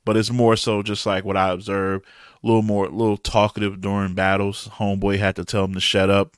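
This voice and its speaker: A man's voice: low-pitched, monotone, fairly quick, clear, resonant tone, no echo, clean studio sound. A middle-aged man with a Detroit accent, casually recapping battle rap events in a loose, rambling, slangy way. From Detroit, USA.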